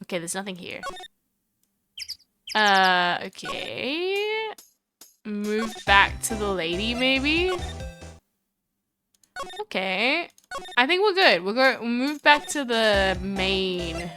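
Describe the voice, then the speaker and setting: A young woman streaming a game live, chatting excitedly with her viewers and reading the characters' lines aloud. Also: medium pitch, takes it slowly, long pauses, over music.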